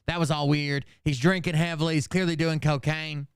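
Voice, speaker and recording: A commentary channel host with a higher, steady voice talks casually and a little fast, rambling along and forgetting names while tossing in profane asides. The sound is clean, studio quality, with no room sound.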